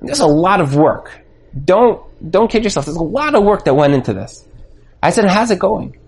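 A man delivers a Torah lesson as an energetic sermon. His voice rises and falls widely as he leans into emphatic rhetorical questions. The delivery is persuasive and sustained. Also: high voice, normal speed, slightly rough. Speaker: rabbi teaching a Torah class.

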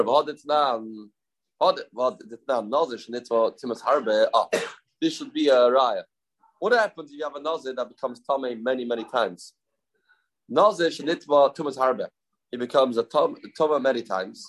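A man's voice: medium pitch, poor audio. Man explaining Talmud text aloud. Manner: explains by repeating key phrases and asking himself questions; mixes English with Hebrew and Aramaic terms. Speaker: Talmud teacher. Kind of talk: Talmud study lesson.

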